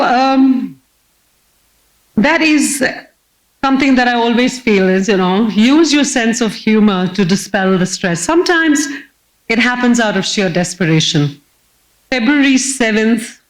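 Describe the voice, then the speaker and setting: Woman, 50s, keynote storytelling talk, lively, self-mocking, medium pitch. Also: poor audio. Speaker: keynote speaker. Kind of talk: humorous personal storytelling talk. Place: stage before a live audience.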